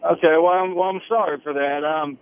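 A man's voice: fairly high pitch, fairly even intonation, a little fast, smooth, narrow, tinny audio. A man with a Southern US accent calling in to a radio show, politely asking the guest questions. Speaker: caller. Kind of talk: call-in radio talk.

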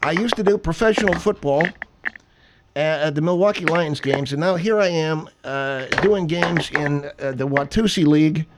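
A man's voice: on the high side, normal speed, noisy background, close to an everyday voice. A man voicing a washed-up, self-pitying middle-aged sportscaster doing play-by-play with brash announcer patter. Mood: rueful.

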